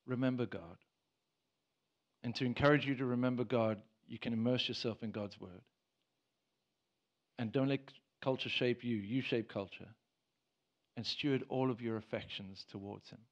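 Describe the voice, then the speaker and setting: A man preaching in church, earnest and direct, with a voice at a middle pitch. He stumbles over restarts, then pushes into emphatic bursts. The recording of the service sounds a little dull. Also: moderate pace, long pauses. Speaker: pastor. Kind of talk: sermon.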